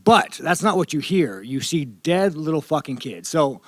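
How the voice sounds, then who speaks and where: A man's voice: fairly high pitch, sing-song, moderate pace, no room sound, clean studio sound. A man in his thirties, a fighter talking at a media day, rambling, profane and provocative. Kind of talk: media scrum interview.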